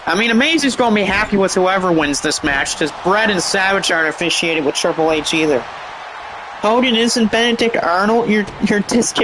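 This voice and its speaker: High-pitched guy calling a wrestling game, chatty and rambly, lots of noise behind him. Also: animated, normal speed. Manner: rambling, chatty asides and laughs. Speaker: game commentator. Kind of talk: excited play-by-play commentary over a wrestling game.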